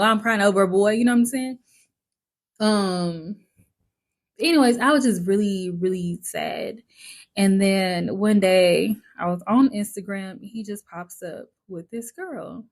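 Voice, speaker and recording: A woman's voice: medium pitch, slightly rough. Chatty woman telling a personal story. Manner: candid and chatty, heavy use of "like" fillers; swearing, expressive storytelling. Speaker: vlogger. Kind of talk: casual storytime monologue.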